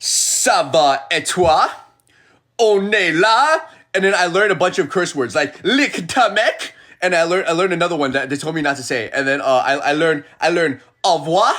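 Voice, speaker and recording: A man chatting casually on a phone live stream as an animated storyteller who acts out the people he quotes. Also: fairly high pitch, brisk, hardly any pauses. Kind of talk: casual livestream chat.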